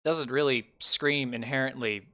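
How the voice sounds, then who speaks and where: Young man DM, bright tone, loose rambling narration with casual swearing. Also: medium pitch, steady tone, unhurried. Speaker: dungeon master. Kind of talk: narrating a tabletop game.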